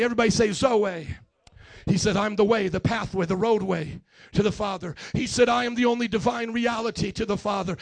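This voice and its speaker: High-voiced fervent male preacher. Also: gravelly. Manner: fervent, call-and-response, swings from shouting to hushed. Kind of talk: sermon.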